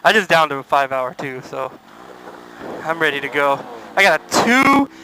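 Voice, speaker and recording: A man's voice: fairly high pitch, big pitch swings, normal speed, bright, forceful tone, slight background noise, poor audio. A young man casually vlogging about a motorcycle ride, laid-back and swearing freely. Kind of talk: casual vlog chat.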